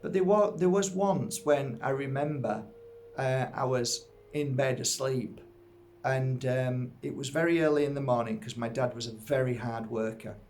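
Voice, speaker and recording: A man's voice: mid-range voice, moderate pace, darkish tone, faint music behind. A middle-aged man from Yorkshire, England, giving an earnest, reflective personal talk to viewers as an energy healer. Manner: earnest, heartfelt, musing. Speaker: energy healer and spiritual teacher.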